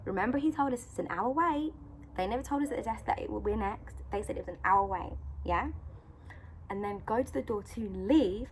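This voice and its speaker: A woman's voice: mid-range voice, a little fast, slight background noise. A woman telling a story to her phone camera, chatty and full of "like" and "you know", acting out the other people in it. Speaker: vlogger sharing encouragement. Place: outdoors in sunlight. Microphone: phone camera at arm's length.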